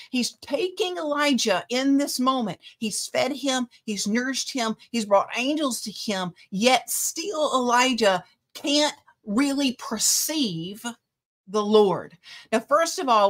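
Woman, preacher, fairly high voice, impassioned, reads scripture aloud. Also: animated, a little slow, a bit bright. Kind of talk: sermon.

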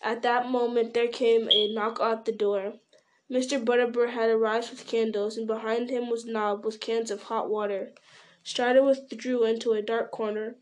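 A woman narrating an audiobook in a calm, steady storytelling manner. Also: fairly high pitch, normal speed. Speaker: reader.

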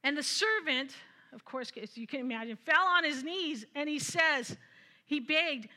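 Woman preaching, super bright kinda high voice, chatty and laughy. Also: measured pace. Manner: animated, laughs often, retells scripture with asides. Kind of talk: conversational sermon.

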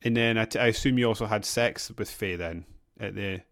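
A man's voice: lowish voice, a little fast, a bit bright, no echo, clean studio sound. A man co-hosting a casual podcast, chatty, laughing often and trailing off mid-sentence. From England. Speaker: podcast co-host. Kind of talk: casual chat.

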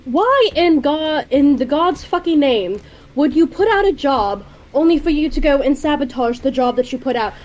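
Brief: high-voiced brash mercenary woman played by a woman, sarcastic, blunt. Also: animated, normal speed, low-quality recording. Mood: exasperated. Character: cocky woman bounty hunter, blunt.

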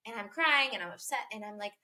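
A woman's voice: on the high side, animated, fast talker, sharp tone. A woman speaking earnestly and reflectively in a casual podcast conversation about parenting, with frequent fillers and repeated phrases.

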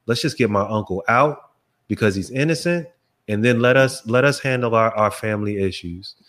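Man, podcast co-host, casual discussion, animated, repeats himself. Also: on the low side, moderate pace. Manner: animated, repeats himself, quotes people in their voices.

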